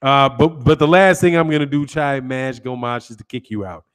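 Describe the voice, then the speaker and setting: A man's voice: mid-range voice, moderate pace, fairly bright tone, clear, resonant tone. A man, hosting a boxing channel and chatting casually with viewers on a live stream, joking and answering their comments. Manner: laid-back, joking, reads out chat comments.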